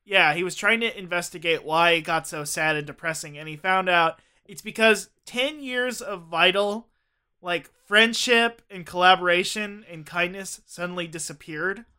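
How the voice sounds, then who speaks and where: A man's voice: sits high, moderate pace, sharp tone, smooth. A man co-hosting a casual podcast chat, rambling through banter and laughing often. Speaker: podcast co-host.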